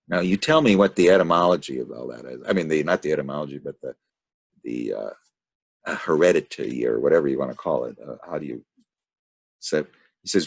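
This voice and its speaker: Deep gravelly man leading a reading group. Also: no room sound. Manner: rambling, thinking aloud with many fillers. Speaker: study group leader. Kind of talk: reading and commentary on a text.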